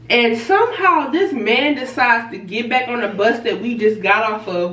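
A woman vlogger casually telling a story, animated, laughing and acting out the people she quotes. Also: a little high. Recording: roomy and a bit distant from the mic.

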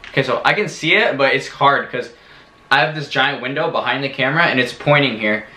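Man, gaming vlogger, casual commentary, excitable, rambling, bright voice, echoey home room. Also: medium pitch, brisk. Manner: excitable, yelps and shouts when scared, rambling with fillers.

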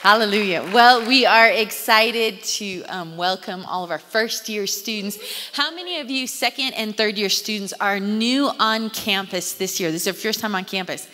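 A woman welcoming new students to campus from the stage with excitement. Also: medium pitch, normal speed, slight background noise. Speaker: college president. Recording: reverberant hall with crowd.

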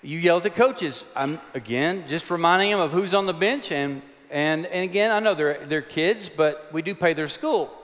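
A man's voice: fairly high pitch, moderate pace, few pauses, fairly bright tone. A man, preaching a chapel sermon with folksy, humorous storytelling. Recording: long hall reverb.

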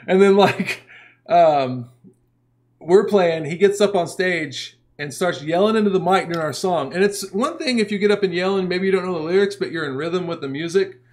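A man with a slightly raised pitch tells a rowdy story in casual podcast chat. He swears freely and laughs along the way. His delivery is animated and loose. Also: normal speed. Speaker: podcast co-host, punk musician.

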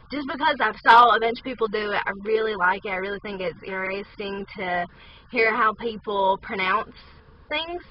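A woman's voice: medium pitch, lo-fi sound, slight background noise. A young woman from southern West Virginia with a strong local accent, chatting casually in a parked car and reading a word list, unsure and full of ums. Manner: unsure, hedging, with many ums. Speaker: vlogger.

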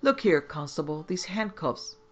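A man voicing an indignant doctor who runs seances, protesting in a high-strung way. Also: big pitch swings, measured pace, fairly bright tone, faint music behind, heavily acted.

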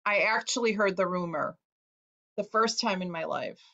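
A woman from Chicago, an author giving a talk, recounting a personal story in an earnest, emotional way with hesitant pauses. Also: mid-range voice, pushed and bright, dull audio. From Chicago, USA.

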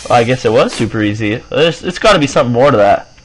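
A young man doing let's play commentary, excitable and prone to high yelps and shrieks. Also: fast, faint music behind, low-quality recording. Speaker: gameplay commentator.

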